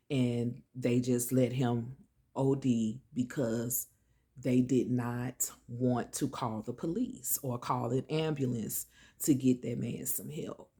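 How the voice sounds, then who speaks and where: A female vlogger with a gravelly, husky, rumbling low voice shares a personal story in a relaxed, casual way. Chatty and animated, she speaks directly to her viewers, drawing them in and calling them "y'all" and "child."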